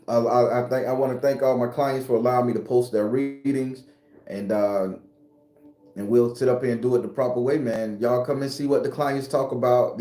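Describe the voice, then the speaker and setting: A man's voice: medium pitch, mellow. A man hosting a casual live stream, talking loosely and profanely to his viewers. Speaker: spiritual live-stream host. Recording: roomy echo, faint music behind.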